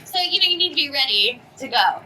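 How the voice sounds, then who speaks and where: Bubbly, animated woman voice actress. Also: high-pitched, low-quality recording. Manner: bubbly, animated storytelling with quick asides. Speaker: voice actress and anime script writer, guest. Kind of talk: casual press conference answers. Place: convention press room. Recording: music playing in the background.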